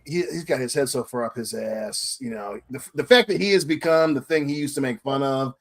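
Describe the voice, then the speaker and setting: A man's voice: mid-range voice, a little fast. A man co-hosting a podcast, rambling and casually cursing. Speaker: podcast co-host. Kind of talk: casual chat.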